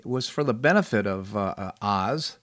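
A man's voice: lowish voice, moderate pace, dry recording. Easygoing male talk-show host, dry sound. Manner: relaxed, agreeable, hesitant with fillers. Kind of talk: casual political chat.

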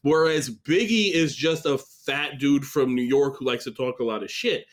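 A man talking casually on a podcast, relaxed and rambling, with lots of fillers. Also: medium pitch, moderate pace.

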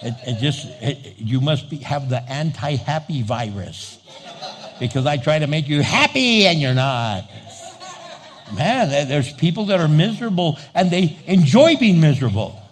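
A man's voice: a little high, lively intonation, moderate pace, in a large hall. A man preaching a sermon as pastor, playful, acting out little dialogues and laughing often.

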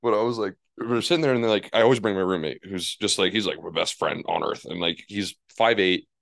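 A man in his twenties, a college pitcher, telling baseball stories in casual chat and acting out the people he quotes. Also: fast talker, vocal fry, no room sound, studio quality. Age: 20s. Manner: animated storyteller, acts out quotes in high voices.

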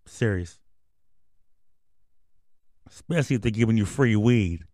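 A man hosting a homemade radio show, talking in a somewhat low voice. He rambles through headlines with blunt, profane asides. The sound is dry and close, with no room behind it. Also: a little slow, mellow, no echo. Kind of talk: casual commentary and news reading.

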